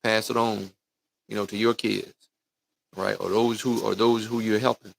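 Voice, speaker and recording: On a live-streamed motivational talk, a middle-aged man who coaches youth football addresses parents and kids directly in a folksy, preachy way, peppering his speech with "right?" and "man." His creaky voice is fairly low and level, at normal speed.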